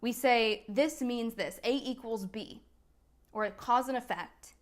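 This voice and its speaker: Speaking slowly in a slightly high voice, the host, a coach in business strategy and NLP, chats loosely on her live video and pokes fun at herself with laughter.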